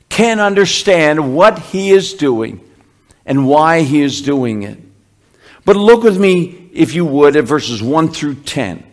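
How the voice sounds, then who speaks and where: A man preaching a sermon, reading scripture aloud and explaining it with slow, emphatic rises. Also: on the high side. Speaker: pastor.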